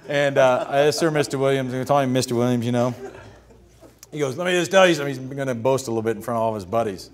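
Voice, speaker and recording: Man, fifties, stage interview guest, animated storytelling, acts out voices. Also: mid-range voice, quick pace. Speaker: interview guest, retired pitcher.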